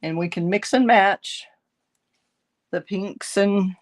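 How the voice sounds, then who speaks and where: A middle-aged woman, raspy from bronchitis, chatting through a card-making tutorial as she works. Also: mid-range voice, slow pace. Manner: chatty, thinking aloud while working. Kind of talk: casual craft tutorial.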